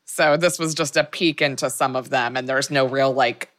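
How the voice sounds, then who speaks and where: Low-voiced lady cohost, dry jokes, laughs a lot. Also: steady tone, moderate pace, fairly bright tone. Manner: wry, laughs often, short reactions. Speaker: podcast co-host. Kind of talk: casual chat.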